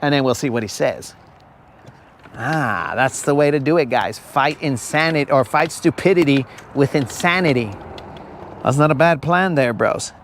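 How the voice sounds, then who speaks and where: A man's voice: on the high side, moderate pace, slight background noise. A man hosting a live fishing stream outdoors on a lake, joking with viewers in casual chat and calling them bro.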